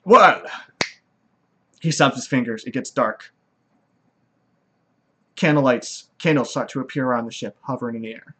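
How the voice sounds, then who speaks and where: A man narrating as game master, chatty and lively. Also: mid-range voice, moderate pace, pauses often, husky. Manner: lively, chatty, laughing at himself.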